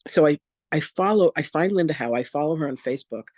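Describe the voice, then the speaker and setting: Animated man with a higher voice. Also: quick pace, dry recording, studio quality. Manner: animated, acts out quoted voices, casual and candid. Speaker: spiritual teacher and reverend. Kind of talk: personal storytelling in an online masterclass.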